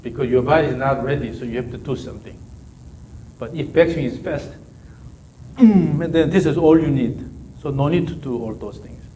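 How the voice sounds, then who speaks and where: A man who speaks Korean as his first language coaches a golf student at practice, giving short instructions over and over in non-native phrasing. His voice is medium-pitched and warm, at a moderate pace, on a low-quality recording with slight background noise.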